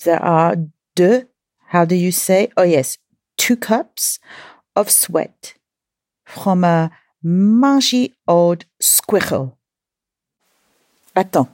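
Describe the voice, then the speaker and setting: A woman's voice: lowish voice, lively intonation, extremely slow, long pauses, a little mellow, no room sound, studio quality. A woman voicing a theatrical female French chef with a put-on French accent, savoring each revolting ingredient in a playful, hammy way.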